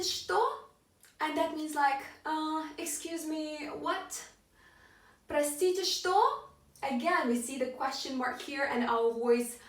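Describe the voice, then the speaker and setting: Slow-speaking woman teacher in a roomy echo. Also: on the high side. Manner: patient explaining, modeling phrases with clear rising intonation. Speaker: language teacher. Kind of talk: online language lesson. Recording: roomy echo, distant from mic.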